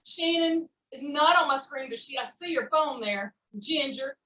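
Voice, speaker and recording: A cheerful woman coaches a pilates session, cueing moves in a chatty, folksy way. Her voice sits a little high and lifts on her praise. The sound is roomy, picked up from a distance across an echoing space. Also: unhurried, sharp tone, slight background noise. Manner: upbeat, chatty, encouraging coaching with folksy phrases. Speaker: fitness instructor. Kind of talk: live online workout class cueing. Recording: echoey room, voice from far off.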